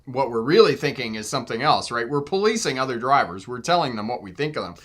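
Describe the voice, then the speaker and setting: A man's voice: medium pitch, lively intonation, fast talker, a bit bright. A man hosting a casual live Q&A as a driving instructor, chatting with viewers, laughing often and acting out exchanges in different voices. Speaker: driving instructor and channel host.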